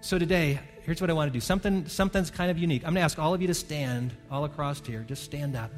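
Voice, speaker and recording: A middle-aged man delivers a sermon as pastor, his slightly high voice moving from earnest to fervent. The sanctuary gives his words a long, ringing reverb. Faint music plays in the background. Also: fast, few pauses. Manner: earnest preaching that swells to fervent emphasis. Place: church sanctuary.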